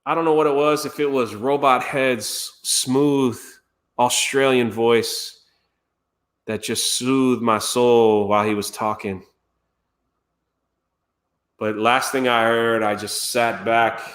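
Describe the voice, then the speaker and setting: A man's voice: medium pitch, steady tone, takes it slowly, long pauses, fairly bright tone. A man streamer telling a story casually and animatedly, laughing and acting out quotes. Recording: roomy echo.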